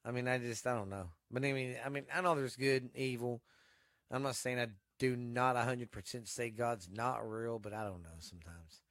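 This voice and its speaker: This podcast host is a man with a Texan accent who talks through the news bluntly from his home desk, cursing nonstop in a loose, rambling way. He speaks at a moderate pace in a medium pitch, his tone steady and fairly bright. The sound is dry and studio quality.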